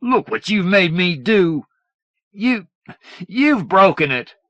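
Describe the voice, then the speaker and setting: A man voicing an unstable, spoiled young man who erupts into petulant shouting. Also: high voice, big pitch swings, slow, no echo, dull audio, pitched above the performer's own voice, full character voice. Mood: furious.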